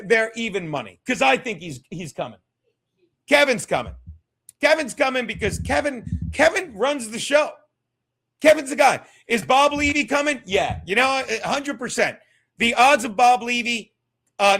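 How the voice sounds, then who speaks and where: A man hosts a live stream in a loud, profane rant, mocking people and repeating his points. His voice sits unusually high and sounds bright and piercing. He often rises into shouts. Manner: repeats himself, shouts at times. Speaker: streamer host. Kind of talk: ranting live stream commentary.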